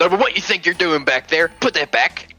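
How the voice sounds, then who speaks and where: A man's voice: sits high, animated, moderate pace, pushed and bright, husky, faint music behind, voice pushed up, full character voice. A man voicing a grumpy, bossy old male halfling merchant who barks orders and curses. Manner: barking, bossy, cursing.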